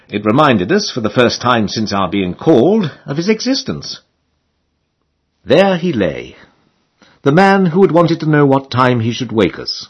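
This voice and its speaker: A man's voice: fairly low pitch, slightly rough, dull audio. A man narrating a comic classic novel as an audiobook, with a dry, mock-solemn delivery. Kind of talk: scripted narration.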